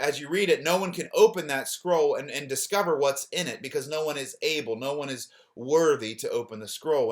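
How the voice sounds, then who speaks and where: A male pastor delivers an earnest sermon, often repeating words and dropping soft and low on key phrases.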